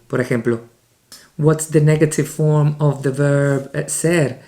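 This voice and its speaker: A man with a Spanish accent gives a beginners' language lesson in a mellow, warm voice. He keeps an upbeat pace and slows right down to spell out each example sentence. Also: on the high side, little pitch movement. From Spain. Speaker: Spanish teacher.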